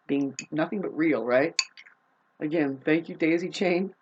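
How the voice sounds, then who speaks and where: A woman ranting to camera in a profane, rambling, confrontational way, swinging between loud outbursts and low muttering. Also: unhurried, lo-fi sound, noisy background. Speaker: vlogger. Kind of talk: unscripted rant to camera.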